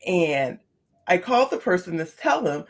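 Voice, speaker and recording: A woman on a podcast, earnestly telling a personal story, her voice leaping up in pitch when she gets animated. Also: moderate pace. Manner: earnest, repeats phrases for emphasis. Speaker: podcast guest, speaker on seizing the day.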